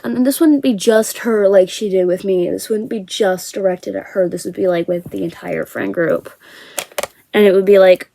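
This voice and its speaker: A woman's voice: medium pitch, normal speed, gravelly, mellow, slight background noise, low-quality recording. A young woman vlogger telling a personal story casually and candidly, swearing now and then and acting out the dialogue.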